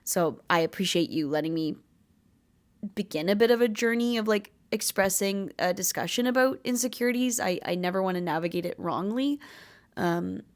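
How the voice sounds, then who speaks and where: This Canadian woman in her late twenties hosts a podcast, speaking at normal speed in a medium-pitched voice. She talks earnestly in a rambling, casual, confessional way, with plenty of fillers.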